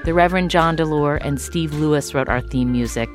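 A woman podcast host asking measured, deliberate questions and reading a scripted outro. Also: low-pitched, soft background music.

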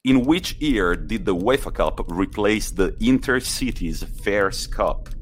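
A man's voice: lowish voice, expressive, takes it slowly. Hesitant, teasing man. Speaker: podcast co-host and quizmaster. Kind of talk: casual football podcast chat.

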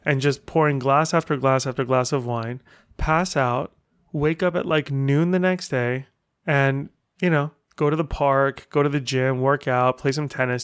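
A man's voice: a little high, smooth, dry recording, studio quality. A middle-aged man hosting a casual solo podcast, telling stories in a chatty way full of rambling asides. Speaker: podcast host.

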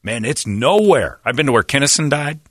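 A man's voice: mid-range voice, sing-song, brisk, fairly bright tone, slightly rough, no room sound, clean studio sound. A man hosting a radio show, joking in casual banter with wry asides.

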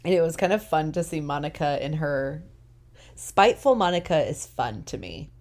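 A woman co-hosting a podcast, recapping a TV episode in a casual, animated way with emphatic opinions; she is tired. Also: sits low, normal speed. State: tired, yawning. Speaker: podcast co-host.

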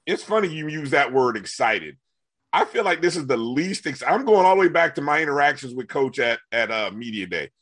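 A man's voice: mid-range voice, very animated, a little fast, a bit bright. A man hosting a casual sports talk show, asking his co-host questions and chatting about the team. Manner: conversational, asks questions, many fillers and restarts.

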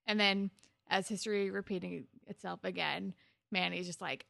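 A woman's voice: fairly low pitch, steady tone, moderate pace, creaky, fairly bright tone, no room sound, clean studio sound. A woman co-hosting a podcast, retelling a TV episode in a rambling, casual way full of "like". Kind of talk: casual TV recap chat.

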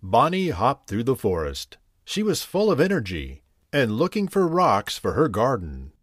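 A man reading a scripted bedtime story in a gentle, unhurried, expressive way. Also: mid-range voice, no echo.

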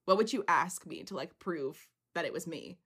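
A woman's voice: fairly low pitch, animated, moderate pace, a bit bright, breathy edge. Young woman cohost, playful teasing vibe, laughs a lot. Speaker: podcast co-host. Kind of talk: casual chat.

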